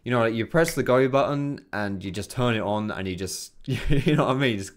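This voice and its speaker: A man's voice: medium pitch, a little fast. A young man giving loose, chatty commentary on his own gameplay from his bedroom, swearing freely. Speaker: gaming commentator. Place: bedroom at home. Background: keyboard and mouse clicks.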